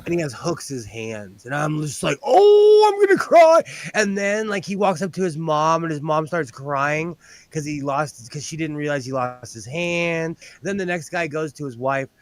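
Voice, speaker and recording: A man's voice: on the high side, moderate pace, a bit bright. A man hosting a casual chat while sewing, rambling and telling stories with animation. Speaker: host.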